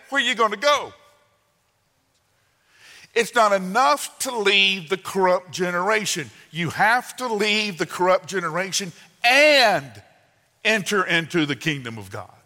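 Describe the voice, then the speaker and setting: A man in his sixties preaching a sermon, telling folksy family stories with sudden loud outbursts and soft asides. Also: sits high, lively intonation, moderate pace. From Southern United States. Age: 60s. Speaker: pastor. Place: church sanctuary. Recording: long hall reverb.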